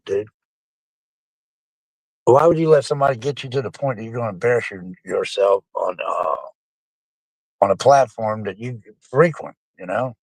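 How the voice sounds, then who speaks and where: Man, middle-aged, profane drawling live-stream chatter, mid pitch, dead dry room. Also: moderate pace, gravelly, pauses often, a little mellow, dry recording. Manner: profane, drawling, addresses chat as folks. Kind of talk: casual rambling live-stream talk.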